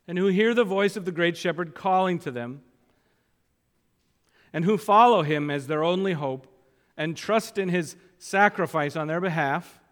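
Heard through long hall reverb, a man with a high-pitched, fairly bright voice preaches a sermon. He reads scripture aloud with growing force and repeats key phrases for emphasis.

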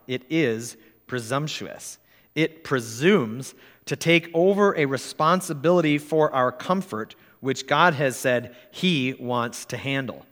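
Slow, earnest male preacher. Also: mid-range voice, a bit bright. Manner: measured, earnest, slow delivery. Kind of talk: sermon, reading a quote aloud. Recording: long hall reverb.

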